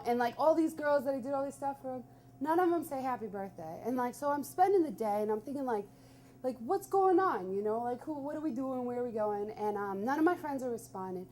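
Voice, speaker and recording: Chatty young Philly-woman, fairly high voice. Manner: chatty, animated, peppered with "like". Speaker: storyteller. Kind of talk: live personal storytelling.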